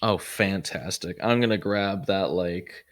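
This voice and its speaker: A man's voice: deep voice, a little slow, a bit bright. A man playing a tabletop game, speaking bluntly and jokingly with casual swearing. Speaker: player.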